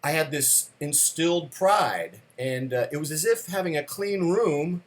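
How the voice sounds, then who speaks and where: A man telling a story from his childhood in a conversational talk, with casual fillers and slow, emphatic beats. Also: fairly high pitch, animated. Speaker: speaker telling a personal story.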